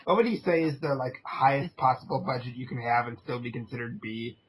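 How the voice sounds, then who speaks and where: A man's voice: medium pitch, a little fast, husky, low-quality recording. A man on a casual film podcast, speaking loosely with frequent fillers. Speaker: podcast panelist.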